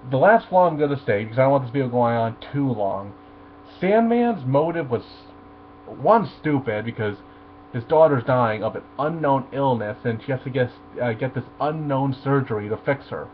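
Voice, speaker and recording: Guy ranting and cursing about a movie, tinny lo-fi mic with faint buzz. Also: mid-range voice. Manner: profane, animated ranting. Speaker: movie reviewer. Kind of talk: ranting film review. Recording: tinny phone-like audio with faint mains hum.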